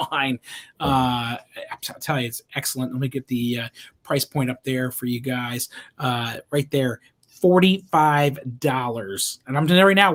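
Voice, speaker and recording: A man hosting a live online wine show, pitching bottles and prices with lots of fillers and restarts. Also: a bit bright. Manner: chatty, enthusiastic salesman with many fillers and restarts. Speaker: wine shop host. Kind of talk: live-streamed wine show, casual sales talk.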